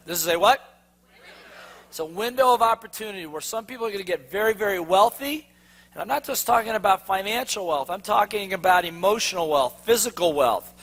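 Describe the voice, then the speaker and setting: A man's voice: sits high, a bit bright. A man giving a sales seminar to a live audience, quizzing them with fill-in-the-blank questions. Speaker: sales trainer. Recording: long hall reverb.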